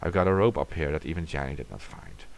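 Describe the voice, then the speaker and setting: A man's voice: a bass voice, lively intonation, fast talker, vocal fry. A man reading a classic horror story aloud in a dramatic way, sometimes dropping to a whisper.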